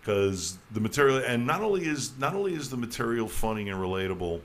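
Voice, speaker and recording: A man's voice: mid-range voice, big pitch swings, fast talker. A man hosting a casual talk show, rambling and jokey, often repeating his words. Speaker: podcast host. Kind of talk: casual chat.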